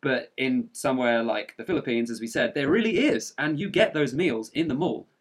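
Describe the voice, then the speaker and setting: A man co-hosting a casual travel podcast, chatty and relaxed, with some mild swearing. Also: mid-range voice, normal speed. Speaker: podcast co-host.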